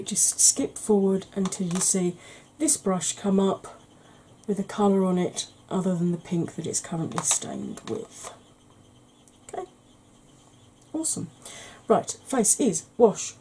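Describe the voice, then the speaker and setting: A woman hosting a soft-spoken ASMR makeup tutorial, chatty and rambling with wry humour, tired from lack of sleep. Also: mid-range voice, husky, poor audio. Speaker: beauty channel host.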